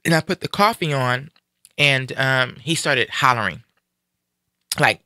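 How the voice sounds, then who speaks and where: A man in a casual live-stream conversation, retelling a personal story in an animated way and acting out what people said. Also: medium pitch, quick pace, dry recording, studio quality. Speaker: guest sharing a personal story.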